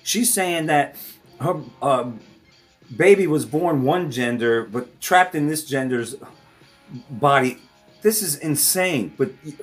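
A man with a slightly higher pitch rants through reaction commentary, swearing freely and breaking into laughter. Faint music plays underneath. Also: lively intonation, takes it slowly, pauses often. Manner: profane, ranting, laughing often. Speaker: host.

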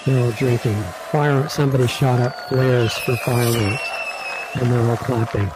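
A man's voice: mid-range voice, moderate pace, loud music behind the voice, over a noisy crowd, low-quality recording. A man hosting an online talk show, casually retelling a film scene and acting out what the characters think. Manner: animated, acts out characters' thoughts.

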